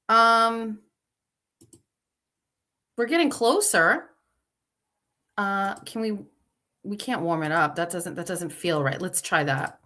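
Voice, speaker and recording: A woman's voice: mid-range voice, sharp tone. A woman hosting a livestream in casual chat, flustered and talking to herself while she fixes her stream settings live. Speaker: show host.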